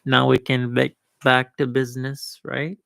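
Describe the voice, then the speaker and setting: A man's voice: mid-range voice, monotone, a little slow, vocal fry, fairly bright tone, no room sound. A man hosting a live video stream, chatting casually in a rambling way, full of restarts and confident asides. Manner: rambling, with self-assured asides and many restarts.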